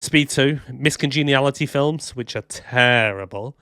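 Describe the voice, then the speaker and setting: A man's voice: medium pitch, a little slow, sharp tone, clean tone, no room sound, studio quality. A man co-hosting a movie podcast, chatting casually and rambling with lots of fillers. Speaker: podcast co-host. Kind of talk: casual chat.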